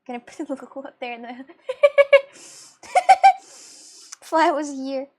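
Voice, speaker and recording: A woman's voice: sits high, fairly even intonation, fairly quick. A young woman chatting casually with her viewers while drawing on a livestream, laughing often and reacting to chat. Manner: giggly, chatty, talks to viewers. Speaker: streamer.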